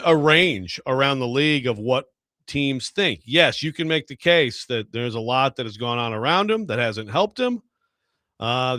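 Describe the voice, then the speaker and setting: A man's voice: medium pitch, sharp tone, no room sound, clean studio sound. A man co-hosting a sports talk radio show, talking casually and hesitantly with many "you know" fillers.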